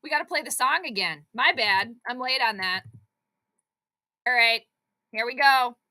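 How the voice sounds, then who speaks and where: A young adult woman hosting a live sports stream, reacting to the game in an excitable, exclamatory, chatty way. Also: fairly high pitch, normal speed. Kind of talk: live play-by-play reaction commentary.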